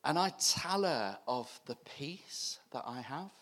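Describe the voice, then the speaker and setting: A man with a British accent preaching a sermon, impassioned, swinging between near-shouts and hushed whispers. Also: medium pitch, expressive, slow.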